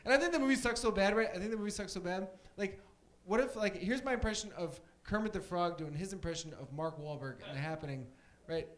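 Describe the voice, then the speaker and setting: A man's voice: high-pitched, quick pace, few pauses, a little hiss or hum. A young man doing a stand-up set on a comedy club stage, rambling casually and full of fillers.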